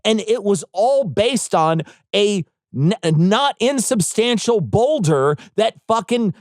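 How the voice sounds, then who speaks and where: A man's voice: sits high, animated, slow, no echo, studio quality. A man co-hosting a political podcast, ranting with heavy swearing and jokes in casual chat. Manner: profane, ranting, jokey. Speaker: podcast co-host.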